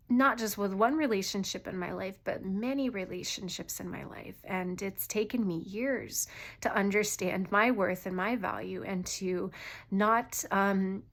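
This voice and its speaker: Young female tarot reader, casual and earnest, rambling with restarts. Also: medium pitch. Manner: chatty, earnest, many fillers and restarts. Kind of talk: casual tarot reading to viewers.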